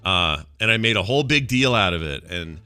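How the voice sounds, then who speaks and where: A man hosting a podcast in casual banter, animated and quick to laugh, reading odd news stories aloud. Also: lowish voice, no room sound, soft background music. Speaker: podcast host.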